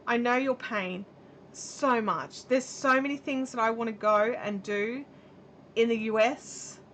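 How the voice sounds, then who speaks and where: This middle-aged Australian woman rambles casually as she crochets at home, reading viewer comments aloud on her live stream. Captured by a camera mic with a little hiss or hum, her voice is on the high side, a little slow and a bit bright.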